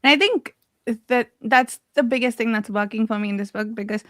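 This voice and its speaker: A woman leading a casual book club discussion, chatty and quick to laugh, often correcting herself mid-sentence. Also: on the high side, a bit bright, no room sound.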